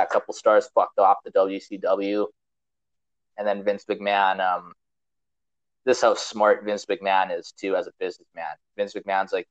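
A man's voice: low voice, no room sound, lo-fi sound. A man hosting a podcast, telling a long story in a casual, rambling, profane way with lots of fillers. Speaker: podcast host.

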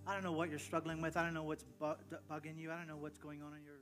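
A man's voice: fairly high pitch, flat delivery, racing, fairly bright tone, faint music behind. A man pastor closing a sermon and praying in a casual, conversational way, often stumbling and restarting words.

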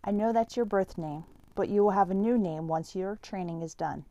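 A woman reading the part of a calm, formal male mentor who speaks stiffly and evasively. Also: mid-range voice, normal speed, dry recording, lightly acted.

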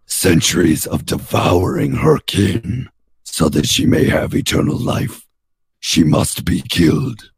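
A man's voice: sing-song, slow pace, dry recording, full character voice. A man voicing a haughty, lawful evil white dragon in a tabletop game, speaking in cold, menacing pronouncements. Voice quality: deep gravelly rasp.

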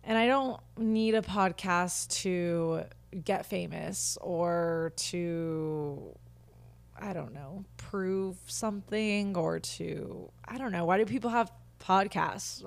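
A woman in her twenties hosts her own podcast from her living room couch, chatting casually and ranting candidly with lots of fillers. Her voice is on the low side with vocal fry, and she takes her time speaking.

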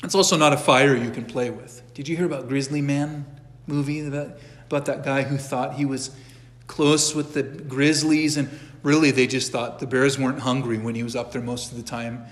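Middle-aged male church teacher, relaxed and conversational, frequent restarts, recorded with long hall echo. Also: medium pitch, normal speed, hardly any pauses. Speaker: catechism teacher. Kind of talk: informal church class lecture.

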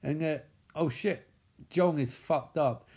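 A man giving sweary, excitable running commentary on a movie. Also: fairly high pitch, slow.

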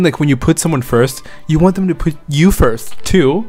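A man's voice: fairly high pitch, normal speed, darkish tone, soft background music. A young man telling a personal story in a casual, rambling vlog monologue, full of fillers and asides to the listener. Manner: rambling, filler-heavy, frequent "like" and "you know what I mean".

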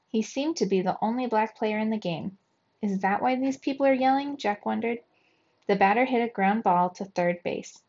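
A woman reading a children's chapter book aloud to young students, steady and clear, with lively shouts for the characters. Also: mid-range voice. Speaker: storybook reader for young children. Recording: dull lo-fi recording.

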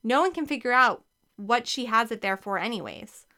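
Sporty, dry-witted teen girl in a storybook, read by a woman, bright and crisp. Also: on the high side, expressive, normal speed. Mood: wry. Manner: dry, glum.

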